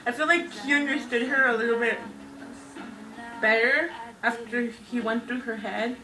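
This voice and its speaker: A young woman with a high, bright voice gushes about a book in a casual vlog, tripping over her words and restarting sentences. She sounds a little off-mic, with music playing clearly behind her. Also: moderate pace, distant mic, low-quality recording. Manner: gushing, excitable, full of fillers and restarts. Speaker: book reviewer.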